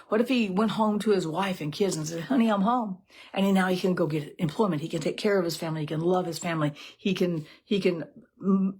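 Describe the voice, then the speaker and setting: A woman giving a casual, animated devotional talk, asking lots of rhetorical questions. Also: on the low side, slightly rough. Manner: animated, conversational, laughs often, many rhetorical "right?". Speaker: devotional teacher.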